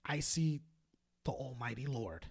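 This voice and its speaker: A man's voice: a little slow, breathy edge. A man co-hosting a casual podcast, telling stories in a loose, profane way, laughing often and acting out other people's lines. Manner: animated, profane, laughs often, acts out quotes in high voices. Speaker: podcast co-host. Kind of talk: casual storytelling chat.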